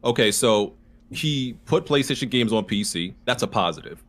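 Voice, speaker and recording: Insistent man arguing back, lively pitch. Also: moderate pace. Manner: argumentative, insistent, pushes back with repeated "bro". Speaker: guest debating on a stream. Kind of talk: casual argument.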